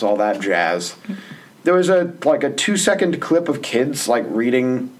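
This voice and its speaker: A man chats about a film in a laid-back, wry way, dropping short dry asides. His pitch is middling. Faint ambient noise sits behind him. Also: big pitch swings, unhurried. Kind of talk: casual movie discussion.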